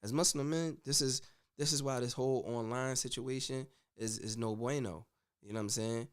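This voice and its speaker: A man hosting a casual commentary show, talking in an animated, slangy way with frequent "you know what I'm saying.". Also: mid-range voice, moderate pace, clean tone. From United States. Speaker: host.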